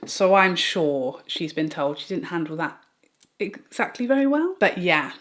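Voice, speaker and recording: A woman's voice: fairly low pitch, very animated, unhurried, fairly bright tone. A woman vlogger telling a personal story in a get-ready-with-me video, in an earnest, chatty way full of "like". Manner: chatty, earnest retelling with many "like"s.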